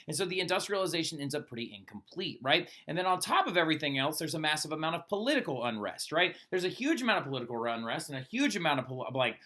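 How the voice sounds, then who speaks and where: A man teaching a recorded history lesson in a lively, conversational way, ending sentences with "right?". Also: on the high side. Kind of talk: recorded flipped-classroom lecture.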